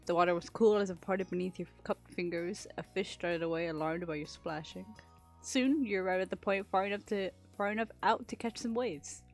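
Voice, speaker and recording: A woman's voice: lowish voice, a little fast, a little mellow, soft background music. A woman streaming a story game live, reading the narration aloud and breaking off to chat, joke and swear. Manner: chatty, laughs and swears between lines.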